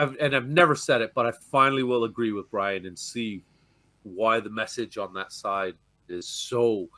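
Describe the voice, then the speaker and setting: Heated fan-show talk comes from a Canadian man, a gloomy football fan who swears, rants and keeps stumbling into stammered restarts. His voice is medium in pitch with a sharp tone.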